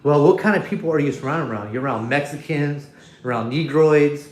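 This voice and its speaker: A man's voice: fairly high pitch, a little fast, roomy sound. A man hosting a casual livestream from his phone, talking bluntly and rambling, with profanity and frequent restarts. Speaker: livestream host.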